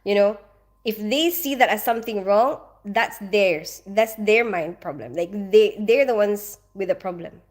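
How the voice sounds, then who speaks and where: A woman's voice: medium pitch, unhurried. A woman hosting a casual livestream, chatting with viewers and giving reassuring advice, full of "you know" and "like". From Philippines. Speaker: livestream host.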